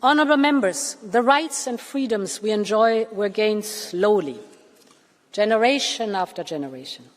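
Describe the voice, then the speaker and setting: Woman in her sixties, formal address to a chamber, emphatic, paced with pauses, long hall reverb. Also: medium pitch, lively intonation. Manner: measured, emphatic, with deliberate pauses. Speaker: Commission president addressing parliament. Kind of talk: formal political speech. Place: large parliament chamber.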